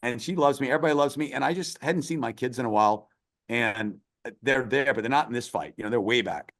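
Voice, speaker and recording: A middle-aged man, a former soldier recounting a combat story in a podcast interview, animated and emotional. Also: medium pitch, fast talker. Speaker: podcast guest, former Army Ranger. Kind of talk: personal war story in conversation.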